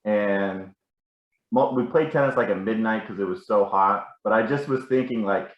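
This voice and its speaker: A man's voice: on the low side, normal speed, reverberant, muffled recording. A man telling rambling, self-correcting stories about a family member at a casual gathering. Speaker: family member sharing memories.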